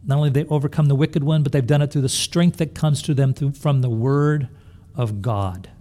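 A man's voice: mid-range voice, a little fast, dark tone. A man preaching a sermon as pastor, earnest and full of questions to his listeners, often restarting and repeating words as he thinks aloud. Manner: earnest, with rhetorical questions to the congregation.

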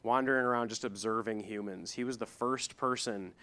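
A man's voice: lowish voice, fairly quick, pushed and bright. A middle-aged man, preaching a sermon in a conversational way, reading scripture and adding asides. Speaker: pastor.

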